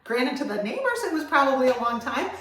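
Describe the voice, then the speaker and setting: Animated woman storyteller in an echoey space. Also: sits high, a little fast. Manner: expressive, swings from loud excitement to hushed calm. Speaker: animal rescue vlogger. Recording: very echoey voice, far from the mic.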